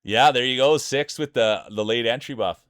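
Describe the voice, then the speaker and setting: A man with a Canadian accent from Saskatchewan, hosting a live stream and calling marble races with energetic, hyped announcer-style banter aimed at his chat. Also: medium pitch, normal speed, no room sound, clean studio sound.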